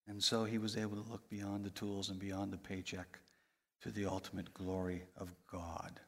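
A man preaching a sermon, his voice rising high and loud for emphasis and then dropping low and soft. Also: moderate pace, creaky, breathy edge. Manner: animated preaching, voice rising and falling sharply for emphasis. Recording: long reverb of a large hall.

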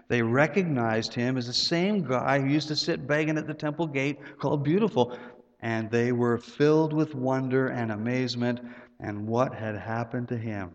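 A man preaches in an easy, conversational way, doubling back on his words and climbing high in pitch when he wants to stress a point. His voice rings out with a long reverb from a large hall. The sound is muffled and dull. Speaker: pastor. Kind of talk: sermon.

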